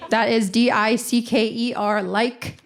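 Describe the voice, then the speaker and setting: A young woman in her twenties doing a stand-up comedy set on a theater stage, telling stories in a deadpan, self-deprecating way. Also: fairly high pitch, a little slow, a crowd in the background.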